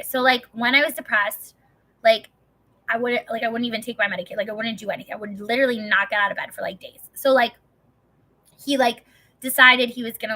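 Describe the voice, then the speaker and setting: Bright-voiced woman chatting, full of "like". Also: a little high. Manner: rambling, profane, heavy filler "like". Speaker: vlogger. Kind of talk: casual chat.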